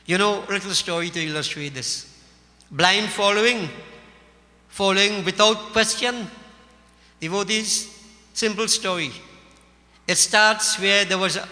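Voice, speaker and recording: Caribbean English male preacher, high voice, long reverb in a hall. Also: sharp tone. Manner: folksy, emphatic, addresses listeners as devotees. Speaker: Hindu religious teacher. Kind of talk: sermon with storytelling.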